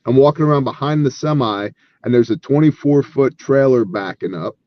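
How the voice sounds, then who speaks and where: A man's voice: medium pitch, moderate pace, dull audio. A man who leads a relief ministry, telling stories earnestly and with animation as an interview guest, acting out the dialogue.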